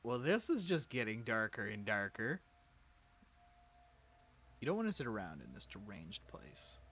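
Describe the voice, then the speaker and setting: A man's voice: lowish voice, huge pitch swings, measured pace, fairly bright tone, slight background noise. Man streamer, wry let's-play commentary and reading of game text. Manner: wry, joking reactions.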